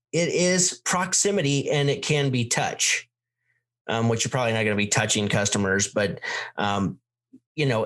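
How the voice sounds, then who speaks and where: A man hosting a coaching talk, speaking energetically and emphatically, shifting his pace and volume to make his points. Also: medium pitch. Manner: energetic, emphatic, plays with tempo and volume to demonstrate. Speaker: sales coach host.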